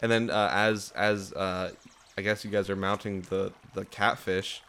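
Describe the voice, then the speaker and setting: Guy gm-ing a tabletop game from home, lowish voice, bright and bouncy, bit of noise behind. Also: flat delivery, a little slow. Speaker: game master. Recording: faint household noise behind.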